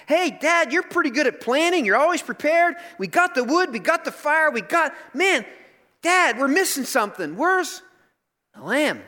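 An excited young man, chatty and upbeat, his voice pitched high and bright as it rings out in a reverberant hall, as a preacher puts him on. He sounds eager and cheerful, like a son enjoying a trip with his father. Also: normal speed, exaggerated voice.

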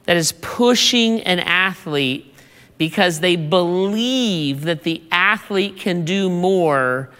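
Pastor delivering a sermon: bright, slow, deliberate, repeats words; long hall reverb. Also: mid-range voice, clean tone. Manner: deliberate, repeats words while building points.

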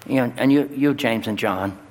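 A male pastor delivering a sermon in a church, his voice jumping high and loud on key words. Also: moderate pace. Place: church sanctuary. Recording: long hall reverb, faint ambience.

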